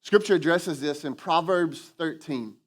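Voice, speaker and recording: High-voiced man preaching a sermon. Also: unhurried. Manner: lively preaching, acts out quoted voices, call and response with congregation. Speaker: pastor. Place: church sanctuary.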